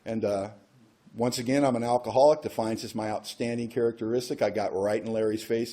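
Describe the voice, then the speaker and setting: A man's voice: mid-range voice, fairly even intonation, brisk, darkish tone. Wry man telling his recovery story. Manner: wry storytelling, acts out quoted voices. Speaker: recovery workshop speaker. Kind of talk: personal recovery story told to a group.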